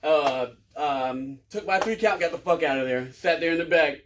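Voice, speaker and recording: A man, a professional wrestler telling a profane story in a casual interview, loud, laughing and acting out the quotes. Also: moderate pace, recorded from a distance, background noise. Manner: loud, laughing, acts out quotes with big pitch jumps.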